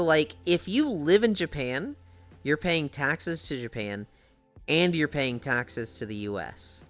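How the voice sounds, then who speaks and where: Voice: mid-range voice, a bit bright. A young adult streamer from the United States, chatting casually at home with viewers, laughing often and swearing freely. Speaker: live streamer. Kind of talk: casual live-stream chat, answering chat.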